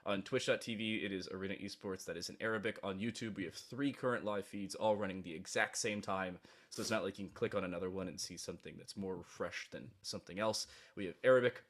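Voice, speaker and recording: A man casting esports, giving measured match analysis and dropping dry jokes. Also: lowish voice. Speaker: esports caster. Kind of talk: esports commentary and banter.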